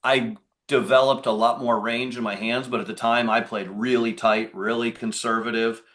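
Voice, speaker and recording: A man with a middle-pitched voice speaking as a podcast guest. He talks in a loose, conversational way, rambling and restarting as he goes. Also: little pitch movement, moderate pace, a bit bright. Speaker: podcast guest, business owner. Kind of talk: casual interview talk.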